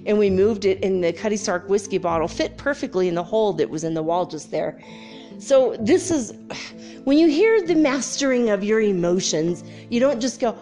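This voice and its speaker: A woman tells a story casually and with lots of energy. She laughs often and acts out the sounds as she goes. Faint music plays softly in the background. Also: medium pitch, animated, moderate pace. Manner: loose and frank, with swearing and fillers. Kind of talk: casual anecdote turned life lesson.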